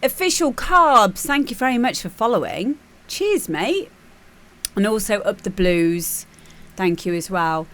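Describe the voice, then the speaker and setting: A young British woman talks through her stream at a slow, unhurried pace in a casual, rambling way. Her voice sits at an ordinary middle pitch. When she acts out scenes she jumps into animated high bursts. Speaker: show host reviewing music demos. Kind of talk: casual livestream chat.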